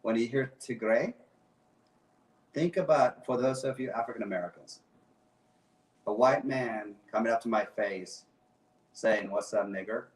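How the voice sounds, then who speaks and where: A man's voice: mid-range voice, normal speed, pauses often. Brief: impassioned male guest, emphatic repeats, roomy sound from a distance. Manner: passionate, emphatic, repeats phrases. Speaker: guest activist. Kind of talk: impassioned talk show speech.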